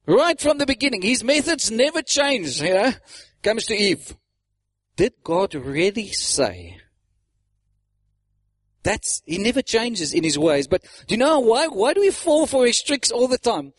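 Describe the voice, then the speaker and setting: Man, preacher, sermon, animated delivery, high voice, dry sound. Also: moderate pace, no room sound. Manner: animated, acts out mocking voices, laughs often.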